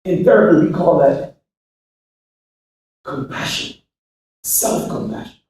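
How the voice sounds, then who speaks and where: Speaking slowly, a high-voiced man motivates a live student audience in a large echoing hall, moving between loud shouts and hushed, preachy remarks while repeatedly questioning the listeners. The sound is very roomy and captured from far off.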